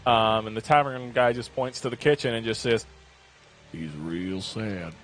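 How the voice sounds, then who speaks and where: A man narrating a tabletop game as game master, relaxed and with fillers. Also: mid-range voice, a little fast, a little hiss or hum.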